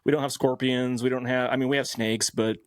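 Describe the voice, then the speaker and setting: A man from Nebraska co-hosting a podcast, chatting casually and agreeably with quick short replies. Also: medium pitch, fairly even intonation, dry recording. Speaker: podcast co-host. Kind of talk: casual chat.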